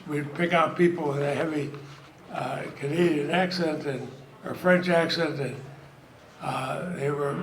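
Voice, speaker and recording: A man's voice: a little high, steady tone. Older man telling stories in echoey hall. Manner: rambling storyteller, self-deprecating humor, frequent pauses. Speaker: honored senator giving a speech. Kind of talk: anecdotal speech to a crowd. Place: event hall with audience. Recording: echoey hall, noisy crowd. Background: audience laughter and room noise.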